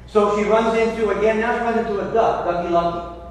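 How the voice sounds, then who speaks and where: A high-voiced male priest gives a homily, telling a fable with restarts and slowing down to stress his points. His voice carries through a big church with a long reverb, picked up from far off over faint room ambience. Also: fairly even intonation. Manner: storytelling, with restarts and emphatic slowing. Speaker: Catholic priest. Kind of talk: sermon.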